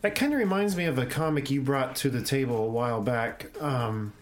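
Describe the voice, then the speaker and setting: A man's voice: mid-range voice, brisk, soft background music. Laid-back male podcast co-host. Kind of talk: casual podcast chat.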